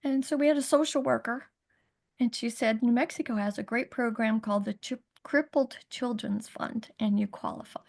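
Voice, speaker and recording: A middle-aged woman on a video call, earnestly telling a hard personal story, halting and rising in pitch when upset. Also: fairly even intonation, creaky, a little mellow. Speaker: guest sharing her story. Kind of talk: emotional personal testimony.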